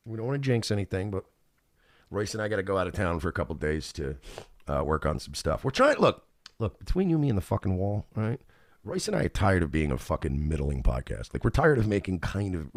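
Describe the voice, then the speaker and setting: A man's voice: sits low, vocal fry, no room sound, clean studio sound. A male podcast host in a crude, rambling monologue full of swearing, acting out what other people say. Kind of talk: casual monologue.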